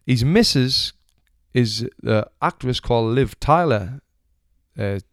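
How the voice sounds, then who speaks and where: Slow but lively in intonation, this young man's mid-range voice has a fairly bright tone. He's a Sunderland-accented retired boxer from England, telling a casual, swearing-heavy story and acting out its characters with chatty energy. The recording is dry with clean studio sound.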